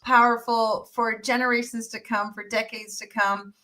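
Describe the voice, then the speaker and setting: A woman's voice: a little high, little pitch movement, moderate pace, sharp tone, poor audio. A woman hosting an interview, talking in a gushing, effusive and upbeat way. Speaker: host. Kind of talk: enthusiastic promotional interview talk.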